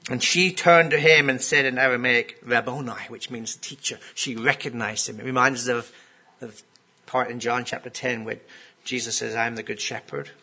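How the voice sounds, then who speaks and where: Male preacher, sermon, conversational, asks questions, husky tone. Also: medium pitch, steady tone, moderate pace, bright, forceful tone.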